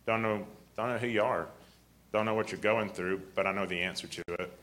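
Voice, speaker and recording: A man preaches a sermon in a deep, grumbly voice with a somewhat low pitch. He clears his throat often and restarts his sentences as he goes. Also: fairly even intonation, brisk, fairly bright tone.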